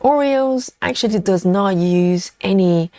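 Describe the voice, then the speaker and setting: A woman's voice: medium pitch, measured pace, warm tone, no echo, studio quality. A woman hosting a casual live stream, chatting and reading viewer comments aloud as she goes.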